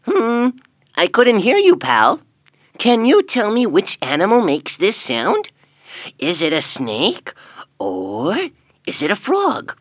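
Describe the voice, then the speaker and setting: A woman voicing an upbeat young hero in a toy's story, speaking with bright enthusiasm. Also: medium pitch, wildly swooping pitch, takes it slowly, no echo, full character voice. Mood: cheerful. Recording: tinny lo-fi toy speaker with soft music.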